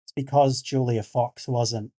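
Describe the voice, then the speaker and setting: Podcast co-host, mid pitch, mostly short replies. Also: fairly even intonation, a little slow, mellow. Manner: mostly short backchannel replies, chimes in with names. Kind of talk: casual chat.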